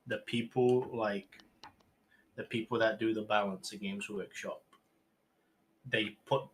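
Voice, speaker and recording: A man's voice: fairly low pitch, steady tone, measured pace, pauses often, a little hiss or hum. A man co-hosting a podcast, joking around and giving his hot takes in casual chat. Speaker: podcast co-host.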